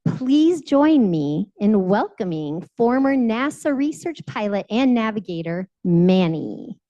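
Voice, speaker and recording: A woman introducing a guest speaker at a meeting, reading a formal bio in a steady manner. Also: medium pitch, takes it slowly, highs cut off.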